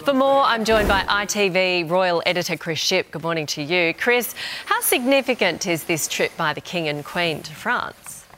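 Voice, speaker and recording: A woman presenting the news, introducing stories and questioning a correspondent in a bright, lightly teasing way. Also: fairly low pitch, animated, moderate pace, slight background noise.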